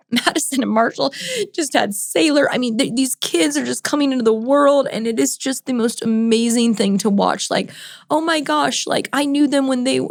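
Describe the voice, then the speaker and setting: A woman's voice: high-pitched, moderate pace, vocal fry, no room sound, studio quality. A woman in her thirties hosting a casual Q&A podcast, emotional and rambling, full of "like" and "oh my gosh.". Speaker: podcast host and ministry leader.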